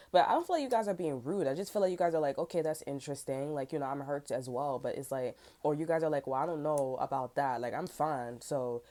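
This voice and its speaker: A woman's voice: sits low, mellow. A young woman giving a rambling, casual tarot reading, frank and full of fillers. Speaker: tarot reader.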